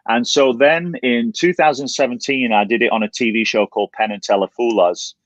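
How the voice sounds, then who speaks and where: Animated English man in his forties. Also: medium pitch, fairly quick, no echo, dull audio. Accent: English, Yorkshire-born, with a slight Canadian twang. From England. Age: 40s. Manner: chatty, animated storyteller with many restarts. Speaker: guest. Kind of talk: casual livestream chat.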